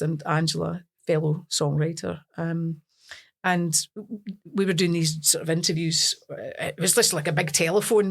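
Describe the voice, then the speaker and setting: Woman, Scottish accent, lively self-mocking storyteller, singer as guest. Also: fairly low pitch. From Scotland. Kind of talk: casual interview storytelling.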